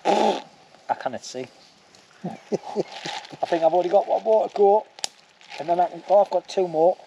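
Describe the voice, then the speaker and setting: A man's voice: high voice, steady tone, normal speed, creaky, background noise. A man casually narrating a bushcraft camping vlog by a campfire in the woods, chatty and joking, with plenty of "anyway" and "like". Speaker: bushcraft vlogger.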